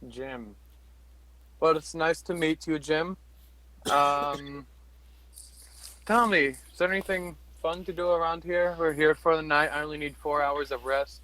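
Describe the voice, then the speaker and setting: A man's voice: fairly high pitch, fairly even intonation, unhurried, pauses often, sharp tone, rough recording. A man speaking in character as a player in a tabletop game, polite and hesitant, with many fillers. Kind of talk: in-character tabletop role-play.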